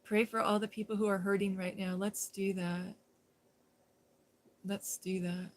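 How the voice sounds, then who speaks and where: A woman's voice: mid-range voice, flat delivery, measured pace. Chatty, giggly woman on a phone live stream. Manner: chatty and giggly, talks to viewers in chat. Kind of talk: casual live-stream chat.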